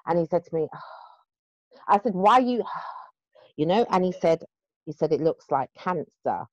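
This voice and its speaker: A woman's voice: low voice, a little slow, dry recording. Woman telling her story animatedly. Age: 40s. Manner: animated storytelling, acts out quoted people. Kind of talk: casual chat. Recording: dull, dry sound.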